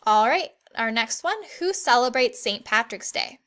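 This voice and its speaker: Woman teacher, online lesson, fairly high voice, bright tone, encouraging and clear. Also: expressive. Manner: clear, encouraging, reads example sentences slowly. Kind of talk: online grammar lesson for children.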